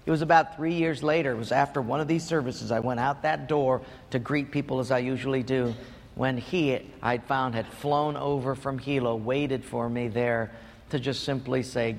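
A man's voice: mid-range voice, steady tone, normal speed, in a large hall. Emphatic storytelling male pastor. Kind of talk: sermon. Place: church.

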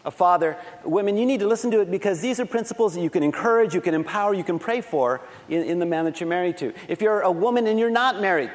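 A man's voice: high-pitched, animated, fast, few pauses, big-room sound. A middle-aged man preaching a sermon, telling family stories with a laughing, self-deprecating manner. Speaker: pastor.

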